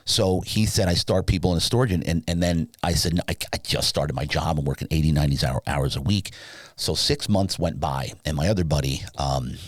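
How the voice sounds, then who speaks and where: A sleep business founder from Southern California, appearing as a podcast guest, tells a rambling personal story in a very low voice with a breathy edge. He gets animated, jumping his voice way up when acting out dialogue, in a casual storytelling interview. The sound is dry and close, with no room echo.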